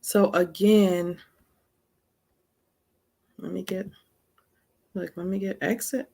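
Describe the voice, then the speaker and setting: Gravelly-voiced woman teaching with gusto. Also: medium pitch, slow pace. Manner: animated, emphatic storytelling. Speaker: host and teacher. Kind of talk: informal spiritual teaching.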